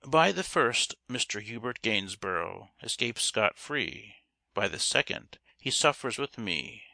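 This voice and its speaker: A man's voice: fairly low pitch, very animated, a little slow, creaky, sharp tone, dry recording, exaggerated voice. A man voicing a seductive, scheming woman who mocks and then pleads passionately, in a storybook reading. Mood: mocking. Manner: mocking then impassioned pleading.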